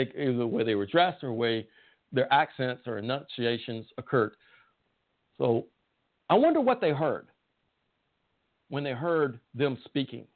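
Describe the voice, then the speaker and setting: Southern man preaching over tinny audio. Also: medium pitch. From Southern United States. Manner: folksy, asks listeners questions. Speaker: Bible teacher. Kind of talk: conversational sermon.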